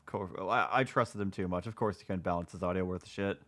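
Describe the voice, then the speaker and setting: A man's voice: deep voice, fast talker, noisy background. A man streaming commentary over a video, sarcastic, mocking and profane.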